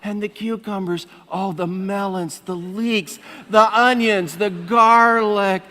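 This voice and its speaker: A man voicing a whiny, complaining ancient Israelite, with a drawn-out pleading delivery, in a reverberant church. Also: sits high, steady tone, bright, forceful tone, heavily acted.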